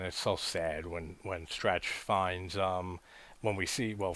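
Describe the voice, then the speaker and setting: Laughing, low-voiced man gushing over films. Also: a bit bright. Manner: enthusiastic, laughs often, swears casually. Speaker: horror film reviewer. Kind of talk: casual spoken film discussion.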